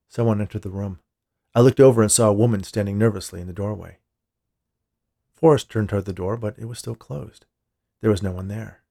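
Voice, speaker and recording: A man narrating a story in the first person, with a low, gravelly voice. His delivery is steady and measured. The recording is close and dry. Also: no echo.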